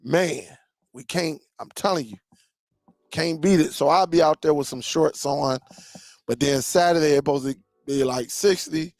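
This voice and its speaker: This laid-back live stream host, a man in his forties, chats casually with viewers and tells plenty of stories, saying "man" often. His voice sits on the high side with a darkish tone and moderate pace, recorded without echo.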